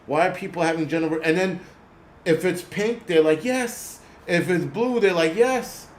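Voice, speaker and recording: A man's voice: a little high, normal speed, reverberant, slight background noise. A man hosting his own channel, ranting bluntly and angrily with a lot of swearing. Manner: profane, blunt, angry ranting. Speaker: host. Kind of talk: ranting monologue.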